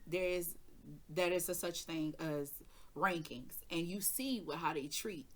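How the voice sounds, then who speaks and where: A woman tells a story in a casual, animated way. She curses freely and acts out every voice in the dialogue herself. Her voice is low-set but bright and forceful. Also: moderate pace. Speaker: tarot reader and channel host.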